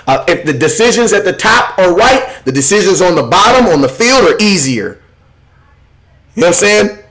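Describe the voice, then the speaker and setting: A young man hosting a live sports fan stream, talking casually in a rambling, slangy way and often repeating himself. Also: fairly high pitch. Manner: rambling, animated, slangy, often repeats "you know what I'm saying".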